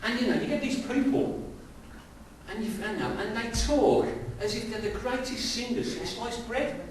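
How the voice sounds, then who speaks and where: A middle-aged pastor with a very high voice, moving at a moderate pace, gives a conversational sermon and keeps asking the congregation rhetorical questions. The church hall echoes strongly, the microphone sits far away, and a slight hiss runs underneath.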